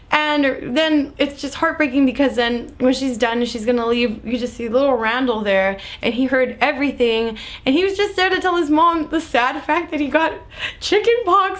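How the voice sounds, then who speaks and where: A young adult woman vlogger chatting casually as she recaps a TV episode, animated and full of "like" fillers. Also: sits high. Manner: animated, lots of "like" fillers, acts out quotes.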